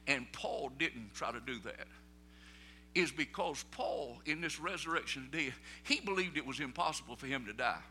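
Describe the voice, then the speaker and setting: A man preaching with a very bright, ringing tone. His pitch swings widely as he drops low for weight and climbs for emphasis. The sermon is dramatic and driving. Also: expressive, moderate pace, slight background noise.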